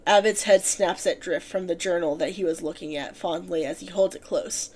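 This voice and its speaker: A woman's voice: on the low side, fairly even intonation, normal speed, hardly any pauses, a little mellow. A woman reading her own fanfiction aloud on a stream, narrating plainly with slips and restarts.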